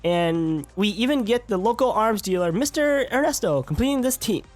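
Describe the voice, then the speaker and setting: A man reading out a game's tournament announcer introducing contestants, a little brighter and higher than his own talk. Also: lively intonation, moderate pace. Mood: hyped.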